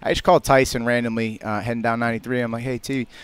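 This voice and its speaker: Quick, smooth-voiced fighter. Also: male voice, mid-range voice, level tone, no room sound. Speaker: guest fighter. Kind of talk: casual radio chat.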